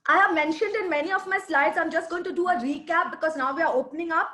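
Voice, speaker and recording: A woman's voice: very high-pitched, fast. A woman leading an online sales training over a video call, emphatic and coaxing her listeners. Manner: lively, emphatic, coaxing the audience. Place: virtual session, video call. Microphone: video call mic.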